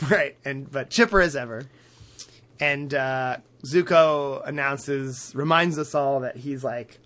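A man's voice: mid-range voice, slow pace, fairly bright tone. A man co-hosting a podcast in casual chat, retelling a cartoon episode with frequent laughs and fillers. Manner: laughs often, many fillers, acts out quotes. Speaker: podcast co-host recapping a cartoon.

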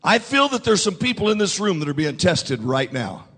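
A man's voice: high voice, big pitch swings, moderate pace, a bit bright, husky, in a large hall. A man, the pastor, preaching a sermon to his congregation and leading call-and-response. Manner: preaching with rising intensity and call-and-response prompts. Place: church sanctuary.

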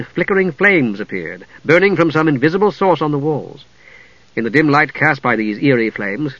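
Bright-voiced man narrating a fantasy story. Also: medium pitch, no echo. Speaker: audiobook narrator. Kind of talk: scripted narration. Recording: dull, dry lo-fi audio.

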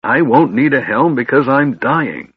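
A man voicing a grumpy, stubborn old male dwarf who is seasick, in a gruff, irritable storybook voice. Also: fairly low pitch, a little slow, no room sound. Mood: grumbling. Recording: slightly dull, dry recording.

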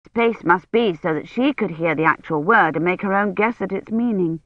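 An audiobook narrator reading a story in a measured, even storytelling manner. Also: mid-range voice, dry recording. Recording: dull, lo-fi dry recording.

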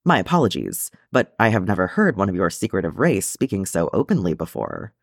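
A man's voice: sits low, huge pitch swings, brisk, vocal fry, no echo, clean studio sound, full character voice. A man reading the part of a formal, curious human warrior in an audiobook. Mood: curious, apologetic.

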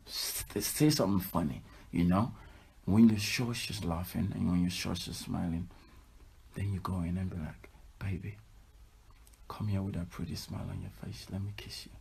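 A man's voice: lowish voice, a little mellow, roomy sound. A man with a Nigerian accent, a musician giving brash, profane, playful advice in a casual vlog.

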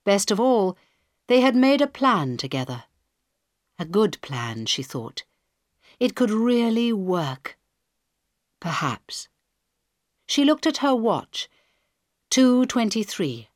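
A woman narrating a story in a measured, clearly enunciated way, as a scripted audiobook reading. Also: lowish voice, lively intonation, dry recording, clean studio sound.

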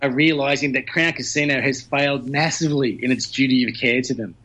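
Brief: male news commentator, mid-pitched, talkative, heard over a dull lo-fi remote line. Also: steady tone, brisk, bright, forceful tone. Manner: talkative, explains at length with fillers.

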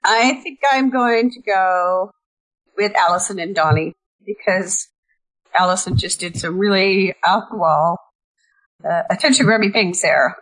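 A woman's voice: on the low side, low-quality recording. A woman on a podcast panel giving thoughtful, hedging opinions. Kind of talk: casual podcast chat.

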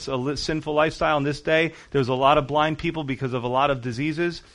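A man's voice: on the high side, fairly bright tone. A man preaching a sermon as pastor, reading scripture and explaining it in an earnest, conversational way, stressing key words.

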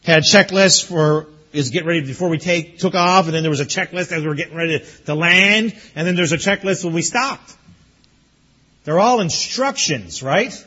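A man's voice: on the high side, moderate pace, bright, forceful tone, husky, highs cut off. A man preaching as pastor to graduates, telling a story with chuckles and then urging them earnestly. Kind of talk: sermon to graduates.

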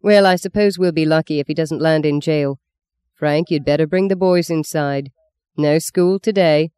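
A reader voicing a stern, weary farm mother with many children, in an audiobook, with a smooth voice. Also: medium pitch, moderate pace, a little mellow, no room sound, close to an everyday voice.

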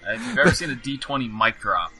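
A man's voice: medium pitch, wildly swooping pitch, quick pace, over loud music. A man in his thirties, a podcast co-host, chatting casually in a rambling, joking way full of fillers. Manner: rambling, filler-heavy, jokey. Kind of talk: casual chat.

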